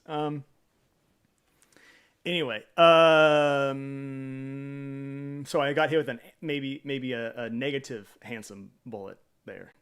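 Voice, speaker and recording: A man's voice: mid-range voice, fairly even intonation, takes it slowly, long pauses, a bit bright, smooth. A man streaming live in a casual chat, greeting viewers by name, rambling with hesitant fillers and self-deprecating jokes.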